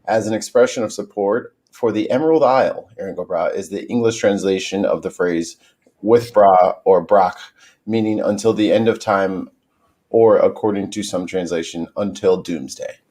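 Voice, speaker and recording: A man's voice: lowish voice, normal speed, darkish tone. A man co-hosting a casual podcast, laid-back and wisecracking. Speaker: podcast co-host. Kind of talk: casual chat.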